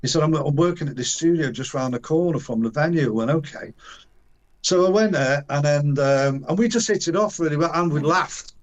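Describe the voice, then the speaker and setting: An older man, appearing as an interview guest, tells a rowdy, casual anecdote in a slightly high voice, a bit quickly. He's animated, acts out quoted voices, restarts often, chuckles, and uses colloquial, earthy slang.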